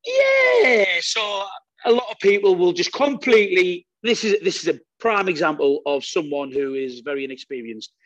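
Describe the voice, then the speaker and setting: Man, podcast guest, energetic and sweary, fairly high voice, dry sound. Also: moderate pace, dry recording, muffled recording. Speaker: guest strongman athlete. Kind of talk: casual podcast chat.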